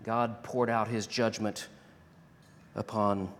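A pastor delivering a sermon and closing prayer, rising to loud emphatic declarations and dropping to hushed, slow prayer. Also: male voice, fairly low pitch, little pitch movement, a little hiss or hum. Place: church sanctuary. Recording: long reverb of a large hall.

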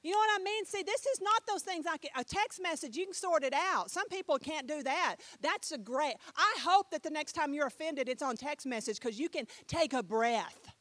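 A middle-aged woman preaching a sermon, telling a story with animated swings between loud and soft and putting questions to her listeners. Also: high-pitched, normal speed, hardly any pauses, no echo. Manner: talks with the audience, asks them questions.

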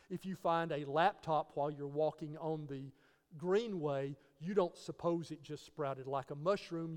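High, smooth-voiced man teaching with rhetorical questions. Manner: rhetorical questions, spells out key words. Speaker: Christian teacher. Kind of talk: apologetics teaching talk. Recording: long reverb.

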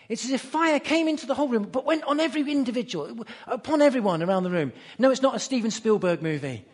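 A man preaching a sermon, emphatic and fond of repeating key phrases. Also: high-pitched. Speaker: pastor.

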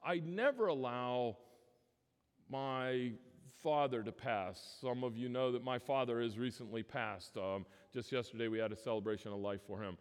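A man's voice: mid-range voice, fairly even intonation, normal speed, smooth. A man preaching a sermon as pastor, earnest and emphatic, often restarting his phrases. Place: church sanctuary. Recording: long church reverb.

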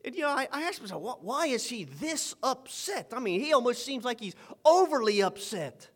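A man preaching a sermon with fervor, swinging from loud, emphatic lines to quiet asides and repeating phrases for effect. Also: very high-pitched, big pitch swings, normal speed.

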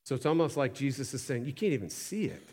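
A man preaching a sermon in church, reading scripture aloud and asking emphatic questions, swinging between loud and hushed delivery. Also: mid-range voice, expressive, quick pace. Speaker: pastor. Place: church sanctuary.

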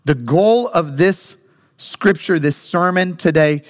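Earnest preacher, slightly high voice, echoing hall. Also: male voice, slow pace. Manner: earnest, repetitive emphasis, conversational storytelling. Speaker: pastor. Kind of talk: sermon with prayer. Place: church sanctuary, also streamed. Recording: long hall reverb.

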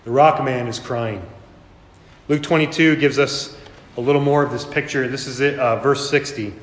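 A man preaching a sermon as a pastor, earnest, slowing down and repeating phrases for emphasis. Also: mid-range voice, steady tone. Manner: earnest, with dramatic slow emphasis and repetition. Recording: echoey hall reverb.

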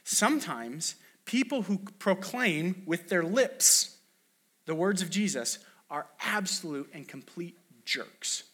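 Youngish guy preaching, chatty and storytelling, voice sits kinda high. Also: animated, takes it slowly, bright, forceful tone, husky. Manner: conversational, storytelling with acted quotes and restarts. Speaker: pastor. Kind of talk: sermon.

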